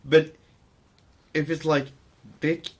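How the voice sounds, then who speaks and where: A man's voice: on the high side, flat delivery, slow pace, creaky. A man co-hosting a podcast in casual chat, profane and rambling, with hesitant fillers. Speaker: podcast co-host.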